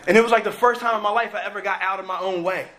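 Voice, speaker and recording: A middle-aged man from New Jersey sharing his personal recovery story at a meeting, animated and acting out what people said. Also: sits high, racing. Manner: animated storytelling, acts out quotes.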